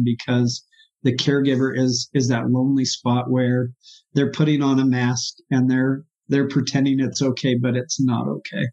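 A man, a therapist, telling his personal story as an interview guest in an earnest, halting, emotional way. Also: mid-range voice, darkish tone. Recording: dull lo-fi sound.

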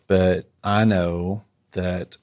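A man co-hosting a faith podcast, thoughtful and halting, reading a blessing slowly and deliberately. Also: deep voice, little pitch movement, darkish tone. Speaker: podcast co-host. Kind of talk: reflective faith podcast conversation.

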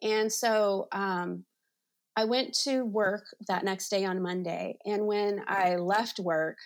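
A woman's voice: medium pitch, fairly even intonation, takes it slowly. A woman in her forties, an interview guest and ministry leader, telling a personal faith story in a chatty, earnest way with many "you know"s. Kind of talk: personal testimony in conversation.

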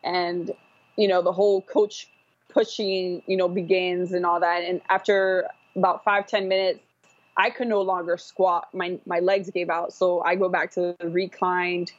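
A woman's voice: lowish voice, little pitch movement, a little slow, no echo. A woman telling her own story as a podcast guest, rambling with fillers and restarts. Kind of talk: casual personal storytelling. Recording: dull, dry podcast audio.

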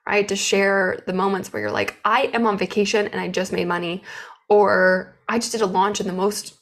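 A woman speaking candidly to camera about her life as an entrepreneur. Her telling is open and emotional, with big feelings put plainly into words. Her voice sits at an ordinary middle pitch for a woman. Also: moderate pace. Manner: open, emotional, animated storytelling. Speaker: business owner. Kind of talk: candid personal vlog.

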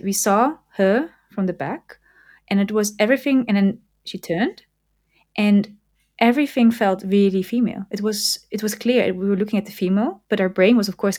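A woman hosting a podcast, talking casually and reflectively, often pausing to search for words. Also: mid-range voice, dark tone. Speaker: podcast host. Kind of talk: casual conversation.

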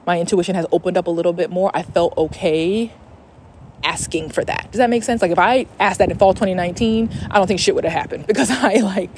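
A young woman hosts a podcast in a fast, fairly low voice, chatting casually, rambling with fillers and swearing freely. It was recorded as a phone voice memo, with slight background noise.

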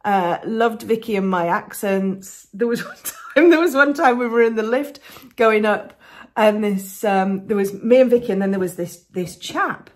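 This podcast host, a coloured pencil artist from England, has a mid-range voice and talks at normal speed. With her English accent, she chats casually and meanderingly, often restarting sentences and laughing.

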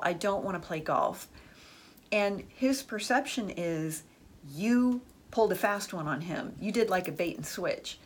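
A woman's voice: medium pitch, a little hiss or hum. A woman giving relationship advice in a chatty, frank monologue, telling stories about friends. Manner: chatty, frank, uses "like" and "the truth is" often. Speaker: dating and relationship advice speaker.

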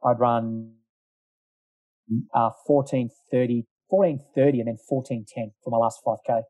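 Middle-aged man, ex-runner, storytelling, loose and rambling, mellow dark tone. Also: mid-range voice, fairly even intonation, normal speed, no echo. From Australia. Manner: rambling, lots of fillers and asides. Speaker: former distance runner. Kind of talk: casual storytelling.

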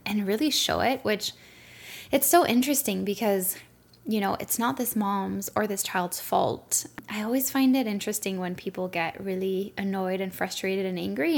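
A young woman hosts a solo podcast and tells a story chattily, leaning heavily on "like" and "you know." She is also a Reiki practitioner, and her medium-pitched voice is gravelly.

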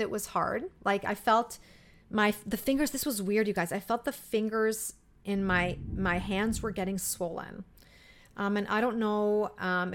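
A woman's voice: medium pitch, a bit bright. Emotional woman podcaster telling her story. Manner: heartfelt, emotional, with fillers. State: emotional, near tears. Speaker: podcast host.

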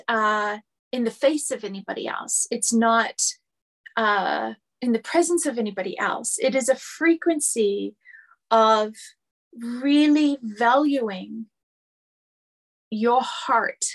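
A woman's voice: fairly high pitch, a bit bright. A woman spiritual teacher giving a lecture, speaking earnestly and building her points through repeated phrases.

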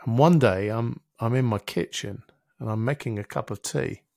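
Middle-aged male podcast guest, gravelly and dry-miked, a lively storyteller who swears casually. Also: medium pitch, moderate pace, no echo. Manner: vivid storyteller who acts out his own inner voice, casual swearing. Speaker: interview guest, helps people with their thinking. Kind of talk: reflective storytelling in a podcast conversation.

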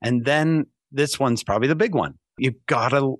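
A man's voice: mid-range voice, moderate pace, no room sound. A man telling a story in a casual conversation as a podcast guest, laughing often and acting out the dialogue. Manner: animated, acts out quoted dialogue, laughs often.

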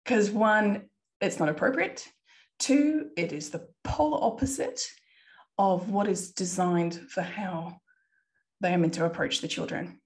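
A woman's voice: on the low side, a little slow. A woman in her thirties hosting a podcast, earnestly retelling a distressing family episode with quoted dialogue. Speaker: podcast host and parent. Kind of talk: personal storytelling monologue.

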